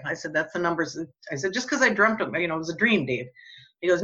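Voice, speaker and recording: Animated woman telling a story, bright voice. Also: lowish voice, fast talker, highs cut off. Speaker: guest telling a personal story. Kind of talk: casual storytelling.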